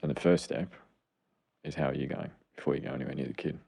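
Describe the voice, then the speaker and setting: A middle-aged man with a very deep, gravelly, dark voice. He co-hosts a podcast and explains things earnestly and with open enthusiasm, in a casual tone. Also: steady tone, quick pace. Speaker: podcast co-host, clinician. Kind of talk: casual chat.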